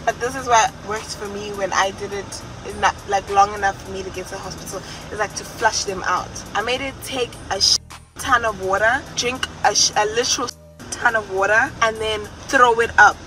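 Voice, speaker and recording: A woman's voice: medium pitch, steady tone, fairly quick, music in the background, rough recording. A young woman telling a personal story in a storytime vlog, speaking candidly and emotionally. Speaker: vlogger.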